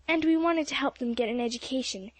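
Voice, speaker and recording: A woman reading an audiobook, voicing a polite, earnest teenage boy who speaks up in a hurried way. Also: high voice, no room sound.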